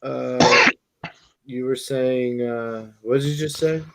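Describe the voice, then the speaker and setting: A man's voice: medium pitch, steady tone, takes it slowly, vocal fry. Sleepy, profane laid-back man. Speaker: podcast co-host. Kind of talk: casual chat.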